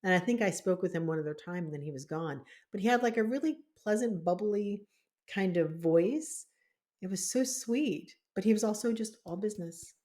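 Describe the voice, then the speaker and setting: A woman co-hosting a spiritual podcast, telling stories in a casual, animated way and laughing often. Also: mid-range voice, moderate pace. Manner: animated storytelling with frequent laughs. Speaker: podcast co-host, spiritual healer. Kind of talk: casual conversational chat.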